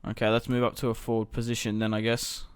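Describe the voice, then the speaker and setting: A man's voice: medium pitch, completely flat delivery, clear, resonant tone, no echo. A young man giving casual commentary over a strategy game, thinking aloud as he plans his moves. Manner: thinking aloud, musing and unhurried. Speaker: gaming video host.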